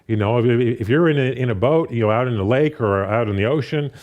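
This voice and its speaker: A man preaches a sermon conversationally, reading scripture aloud and paraphrasing it with animated voices, restarting often and dropping "you know" fillers. His mid-range voice moves a little fast, and the recording's highs are cut off.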